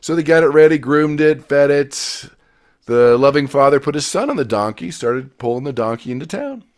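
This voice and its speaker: Energetic man coaching a class. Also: on the high side, moderate pace. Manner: energetic, storytelling, swings between loud emphasis and quiet asides. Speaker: success coach. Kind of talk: motivational class talk.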